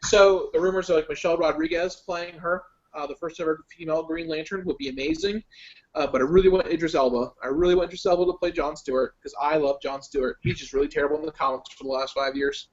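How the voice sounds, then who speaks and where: A man's voice: on the high side, steady tone, fast. A man in casual chat as a guest, opinionated and rambling, with lots of ums and likes. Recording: lo-fi online call audio.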